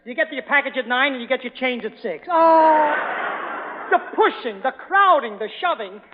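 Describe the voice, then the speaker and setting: A man hosting a variety show, telling a comic monologue and trading gags in brisk, punchy bursts. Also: extremely high pitch, expressive, background noise. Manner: brisk, punchy joke delivery with exclamations. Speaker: host. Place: theater stage before a live audience. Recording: muffled, echoey 1930s radio broadcast with audience.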